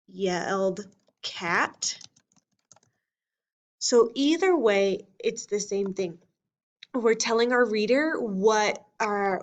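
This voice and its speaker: A woman teacher giving a recorded lesson for children, explaining patiently step by step and reading lines from books aloud with expression. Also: medium pitch.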